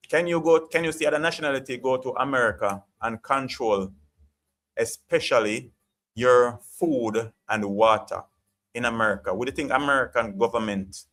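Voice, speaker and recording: A Jamaican man with a Jamaican accent hosts a live chat stream, ranting passionately in an opinionated monologue. His mid-range voice is a bit bright, and he keeps repeating "you get what I'm saying."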